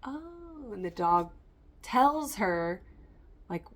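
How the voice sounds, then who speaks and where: A woman's voice: on the high side, sing-song, drawn-out words. Woman tarot reader talking straight to camera, loose and rambling, full of "um" and "like". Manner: rambling, stream-of-consciousness, many fillers. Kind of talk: casual spiritual reading to camera.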